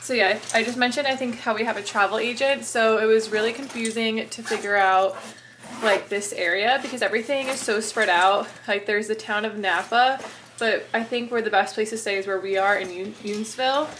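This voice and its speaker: A woman's voice: fairly high pitch, steady tone, brisk, fairly bright tone. A woman vlogging in a chatty, bubbly way and laughing often, filming on a handheld phone while travelling. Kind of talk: casual vlog chat. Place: outdoors and indoors while travelling. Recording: noisy handheld travel footage.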